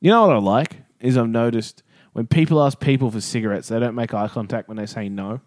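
A man's voice: mid-range voice, brisk, a little mellow. A man co-hosting a podcast, crude and sardonic, swearing freely in casual chat. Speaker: podcast co-host.

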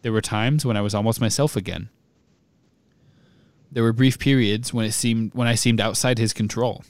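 A man reading aloud in a flat monotone as a young male dark wizard confessing. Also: lowish voice, normal speed, dry recording, lightly acted.

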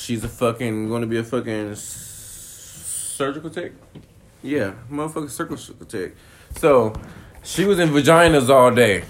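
A man's voice: medium pitch, moderate pace, slight background noise. A young adult man co-hosting a casual chat, talking in slang and swearing often. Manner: slangy and profane. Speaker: co-host.

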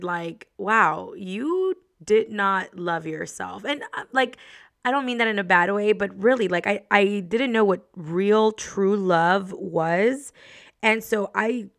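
A woman hosting a show, casually and expressively telling a personal story, with lots of fillers and frequent laughter. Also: mid-range voice. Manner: expressive, chatty, laughs often, many fillers. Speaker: host.

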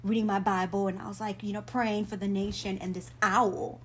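A woman guest in a casual faith conversation, telling stories in quick bursts and laughing often. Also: medium pitch, little pitch movement, slight background noise. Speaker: guest, traveling minister.

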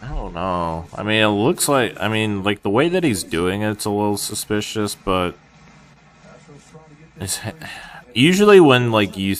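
A man's voice: lowish voice, sing-song, measured pace. A man co-hosting a podcast in casual chat, laid-back and rambling, full of filler words. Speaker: podcast co-host.

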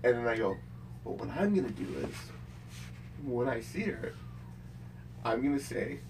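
A man's voice: mid-range voice, very animated, normal speed, noisy background. A man recounting a story in casual chat, chuckling and swearing as he quotes people. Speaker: friend chiming in on the story. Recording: distant from the mic.

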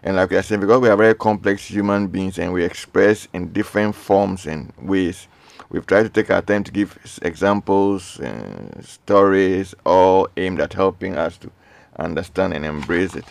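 Guy hosting a call-in radio show, real low gravelly voice, reads texts out earnest, dry studio sound. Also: moderate pace, no room sound. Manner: earnest, reads listener messages aloud, repeats pleas.

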